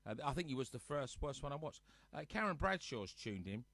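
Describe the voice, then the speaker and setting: A man's voice: mid-range voice, very animated, brisk, gravelly, fairly bright tone, no room sound. A man casually chatting to live viewers on his home sofa show, teasing them and reading out their comments. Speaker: host of a live-streamed music show.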